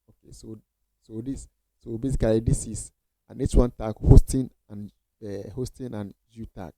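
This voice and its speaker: A man's voice: mid-range voice, dark tone, no echo, rough recording. A man teaching coding basics in a casual screen-share tutorial, repeating phrases and reassuring viewers with many okays.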